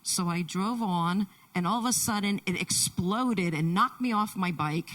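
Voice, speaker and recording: A woman interpreter voicing a Deaf man's testimony in the first person, halting, with many restarts, in a church. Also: mid-range voice, a bit bright, distant mic, low-quality recording. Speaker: sign language interpreter.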